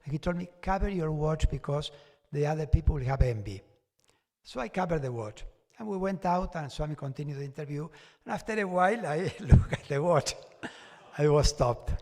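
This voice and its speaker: Guy telling a lively story to a crowd, a bit high, lots of hall reverb. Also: fairly quick. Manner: animated storytelling with chuckles and acted-out quotes. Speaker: devotee giving a testimony. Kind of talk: personal storytelling talk to an audience. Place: large devotional hall.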